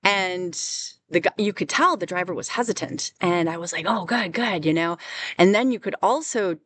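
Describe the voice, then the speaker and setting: A woman recounting a personal experience as an unscripted testimony, halting and full of restarts. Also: fairly low pitch, lively intonation, a bit bright, a little hiss or hum. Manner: halting, with many restarts and fillers. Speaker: survivor telling her story. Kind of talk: personal testimony, casual storytelling.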